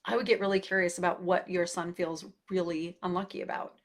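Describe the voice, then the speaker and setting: Answering viewer questions, a middle-aged woman who works as a parenting coach talks casually and thoughtfully, stumbling into fillers and restarts. She speaks briskly on the low side, barely pausing.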